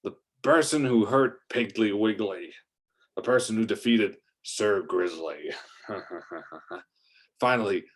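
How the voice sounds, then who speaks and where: A man's voice: on the low side, slow. A man voicing a gloating villainous male lizard commander who cackles and taunts.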